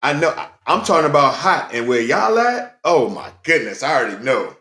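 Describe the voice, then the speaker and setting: A man's voice: on the high side, big pitch swings, moderate pace, pushed and bright. A man hosting his own casual solo talk show, chatting directly to his viewers and repeating phrases for emphasis. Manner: talks directly to viewers, greets them often. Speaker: podcast host. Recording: roomy echo.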